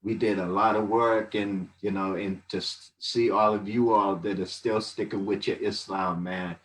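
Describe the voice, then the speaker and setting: A man's voice: lowish voice, fairly even intonation, normal speed, a bit bright. Older man telling stories, distant mic. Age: 60s. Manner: rambling, many fillers, fond and reflective. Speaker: guest. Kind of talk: casual storytelling testimony.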